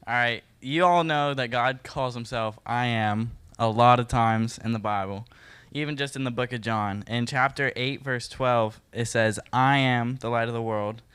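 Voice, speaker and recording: Smooth-voiced man leading a casual Bible study. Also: medium pitch, normal speed, few pauses. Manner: relaxed, joking, talks straight to the group. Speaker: youth Bible study leader. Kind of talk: casual Bible teaching talk.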